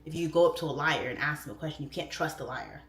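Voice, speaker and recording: A woman's voice: expressive, quick pace, a little hiss or hum. Chatty woman livestreaming in echoey room. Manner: chatty, rambling, warm-hearted talk with frequent "like" fillers; swoops up into high voices when quoting herself. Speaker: livestream host. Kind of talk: casual chat. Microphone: phone or webcam.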